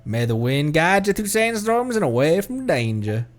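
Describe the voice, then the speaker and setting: A man's voice: fairly high pitch, very animated, moderate pace, soft background music. A man voicing a frail falcon keeper with weak legs, earnest and worried as he asks for help.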